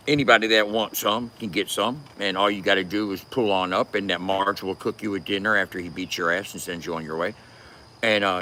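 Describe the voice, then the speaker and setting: Dude ranting and cussing, bright edge on his voice, crickets faintly behind. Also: on the low side, a little hiss or hum. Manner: profane, animated, laughs often. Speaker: commentator. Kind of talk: casual ranting commentary.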